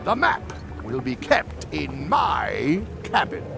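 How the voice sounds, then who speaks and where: An actor playing a gloating villainous ghost pirate captain who gives orders in a gruff, commanding voice in a video game. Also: male voice, a little high, wildly swooping pitch, slow, over music, heavily acted.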